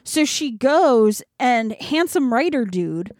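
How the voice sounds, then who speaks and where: A woman's voice: on the high side, sing-song, slow pace, a little mellow, no room sound, clean studio sound. A young adult woman co-hosting a podcast, casually retelling a book's plot and leaning on "like" as filler. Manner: chatty plot retelling with heavy use of "like". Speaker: podcast co-host. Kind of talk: casual book chat.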